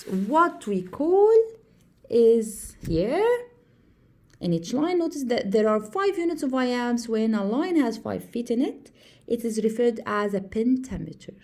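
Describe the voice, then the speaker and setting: Slow, mellow Egyptian woman teaching poetry. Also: on the high side, sing-song. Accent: Egyptian Arabic. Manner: repetitive, asks and answers own questions, counts out stresses. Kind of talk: classroom lecture on poetry. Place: classroom.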